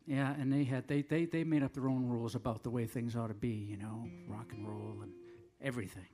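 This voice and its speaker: A man's voice: mid-range voice, fairly even intonation, a little fast, dark tone, faint music behind. An older man from the northern United States, a singer-songwriter, telling rambling, self-deprecating stories between songs at a live café show.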